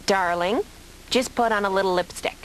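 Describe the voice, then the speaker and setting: A woman's voice: medium pitch, moderate pace, a bit bright, a little hiss or hum, natural voice, poor audio. An actress voicing a stand-up comedian, a woman, who tells self-mocking jokes to her therapist and acts out little voices. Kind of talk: deadpan stand-up monologue in therapy.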